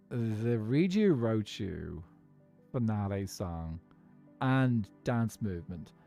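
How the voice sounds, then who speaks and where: An Irish Minecraft streamer with a warm, medium-pitched voice keeps up a casual, rambling chat as he games and reads chat. He laughs a lot along the way.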